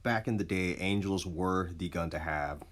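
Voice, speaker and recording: A man casually telling a story, laid-back and expressive, with plenty of swearing. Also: low voice, moderate pace.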